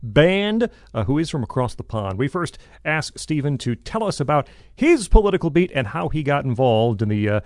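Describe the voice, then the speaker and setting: A man's voice: big pitch swings, moderate pace, few pauses, a little mellow, no echo, studio quality. A man hosting a podcast, opening the show in an upbeat, chatty way. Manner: upbeat and chatty, with ups and downs in his pitch. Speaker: podcast host. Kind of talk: podcast intro and casual chat.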